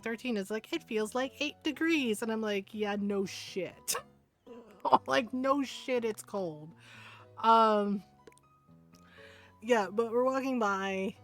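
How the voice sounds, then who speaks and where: A woman streamer chatting casually while gaming, rambling through a story with many fillers and restarts. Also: medium pitch. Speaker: game streamer.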